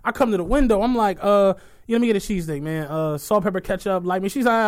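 A man co-hosting a casual podcast, telling lively stories and acting out the people in them. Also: high voice, fast talker, few pauses. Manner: animated storytelling, acts out quoted people, laughs often. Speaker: podcast co-host.

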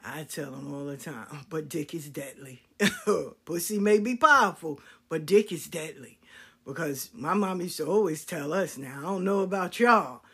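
A middle-aged woman hosting a casual chat show, telling stories in a blunt, profane, animated way. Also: deep voice, normal speed, breathy edge. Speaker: talk show host.

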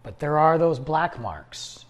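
A man's voice: a little high, sing-song, takes it slowly. A middle-aged man hosting a podcast, speaking in an earnest, confiding way as he reflects on his own life. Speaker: podcast host. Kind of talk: reflective personal monologue.

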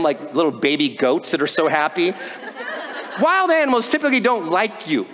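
A man giving a motivational talk to a live audience, telling a story and acting out the voices in it. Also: sits high. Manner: animated storytelling, acts out quoted voices. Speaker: motivational speaker. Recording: long hall reverb.

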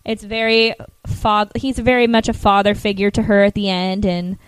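A woman co-hosting a casual podcast chat, chatty and quick to chime in. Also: mid-range voice, little pitch movement, clear, resonant tone, dry recording, rough recording. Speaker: podcast co-host.

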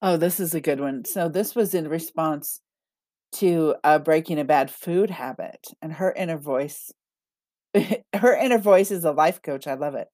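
A woman hosting a casual solo podcast about self-talk, chatty and quick to laugh as she reads out listener comments. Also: deep voice, mellow, dry recording. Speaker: podcast host and manifesting coach.

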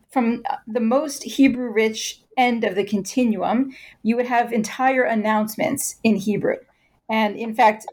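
A woman answering interview questions in a measured, explanatory way. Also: fairly high pitch, a little mellow. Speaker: scholar guest.

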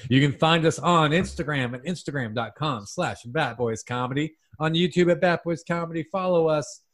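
A man's voice: a little high, moderate pace, a bit bright. A man hosting a comedy podcast in casual, playful banter with friends. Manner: playful, breaks into put-on English accents.

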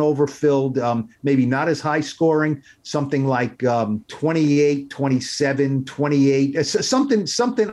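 A man's voice: medium pitch, darkish tone. A man co-hosting a sports podcast, talking in a rambling, hesitant way with many restarts. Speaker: podcast co-host. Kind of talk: casual sports podcast chat.

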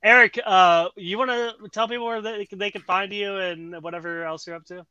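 A man hosting a casual podcast, joking around and laughing between quick asides. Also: high-pitched, steady tone, sharp tone, clear, resonant tone, no echo. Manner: laughing, quick asides, self-mocking jokes. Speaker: podcast host. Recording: dull lo-fi audio.

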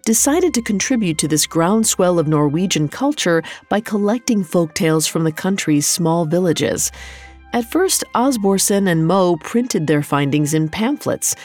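A woman telling a folktale in a measured, scripted storytelling delivery. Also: lowish voice, darkish tone. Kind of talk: scripted narration.

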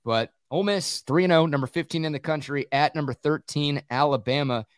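A man hosting a sports radio show, talking college football in a quick, conversational way and laughing easily. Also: on the high side, smooth, no room sound, studio quality. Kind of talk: casual sports talk and analysis.

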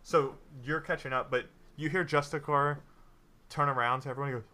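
A man's voice: medium pitch, steady tone, brisk, bright, forceful tone. A man narrating a tabletop game as game master, in a loose style with many fillers.

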